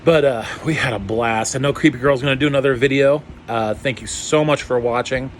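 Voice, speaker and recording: A man chatting casually in a vlog, rambling and excitable, with lots of fillers and some swearing. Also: medium pitch, a little fast, slight background noise. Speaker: YouTuber.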